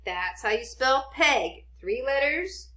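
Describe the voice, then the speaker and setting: A woman teaching a children's spelling lesson, sounding out each letter slowly and gently reassuring. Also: high-pitched, lively intonation.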